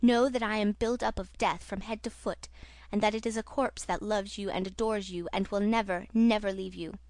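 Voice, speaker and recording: A woman's voice: mid-range voice, fairly even intonation, moderate pace, a little mellow, dry recording, close to an everyday voice. Woman narrator doing a raging, self-pitying masked man; intense, taunting audiobook villain. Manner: intense, mocking, then anguished.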